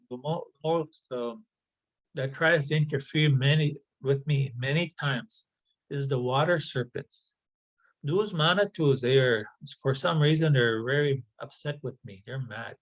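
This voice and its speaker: A man voicing a generous, protective male spirit hero, talking earnestly with halting repeats. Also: medium pitch, a bit bright, close to an everyday voice, poor audio.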